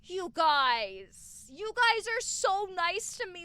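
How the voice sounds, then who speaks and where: A woman streaming live from home on a desk mic, chatting casually, excitable and swearing freely as she gushes thanks at her viewers. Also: extremely high pitch, slow pace, hardly any pauses, no echo.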